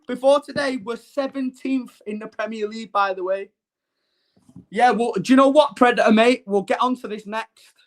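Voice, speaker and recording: A man's voice: very high voice, fairly bright tone. A man hosting a live football stream, ranting brashly and mockingly while answering his chat.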